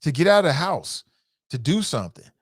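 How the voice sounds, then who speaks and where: A man hosting a casual call-in talk show, reading out listener comments and reacting with emphatic, animated commentary and frequent repetition. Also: on the high side, fairly quick, dry recording, clean studio sound. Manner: animated, emphatic, rises sharply when incredulous; conversational, repeats himself for emphasis.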